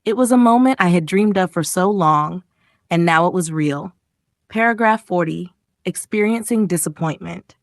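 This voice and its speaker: Woman, story reading, expressive delivery, very dry close sound. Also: normal speed, no room sound. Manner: reads paragraph titles, then acts out quoted lines with raised pitch. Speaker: English lesson reader.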